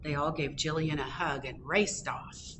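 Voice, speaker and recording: A woman reading a picture book aloud at a library storytime, with expressive storytelling. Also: deep voice, a little slow, a little hiss or hum. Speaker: storytime reader. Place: public library.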